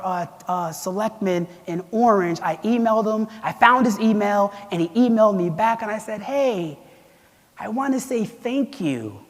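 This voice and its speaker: A man in his thirties giving an energetic keynote speech, animated and chatty, joking at his own expense and calling out to the audience. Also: sits high. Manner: animated, chatty, self-deprecating, with audience call-outs. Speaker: keynote speaker. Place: large event hall. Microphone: lapel mic. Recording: long hall reverb.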